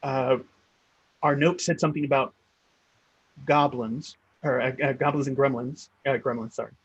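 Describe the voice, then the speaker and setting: A man's voice: medium pitch, steady tone, moderate pace, husky, no room sound, dull audio, natural voice. A man voicing an anxious, tall male townsman with missing teeth who stammers while trying to seem composed. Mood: worried. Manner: stammering, flustered.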